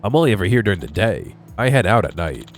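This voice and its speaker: Congested deep-voiced gamer. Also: male voice, sing-song, fast. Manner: casual, jokey asides. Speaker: let's play gamer. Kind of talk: reading game dialogue aloud with commentary. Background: faint game music.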